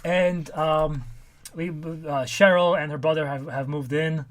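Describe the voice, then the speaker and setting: A man's voice: fairly high pitch, steady tone, a little slow. A man co-hosting a casual podcast, retelling a comic's plot step by step. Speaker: podcast co-host.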